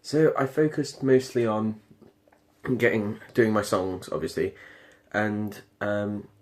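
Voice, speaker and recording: A late-teen British lad studying performing arts takes it slowly as he chats about singing practice in a video diary. His low, steady voice comes out hesitant and rambling, full of ums and fresh starts.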